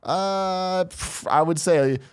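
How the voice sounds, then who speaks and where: A man hosting a podcast, telling a story in an animated, casual way, swearing freely and acting out the quotes. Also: high voice, slow pace, clear, resonant tone. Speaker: podcast host.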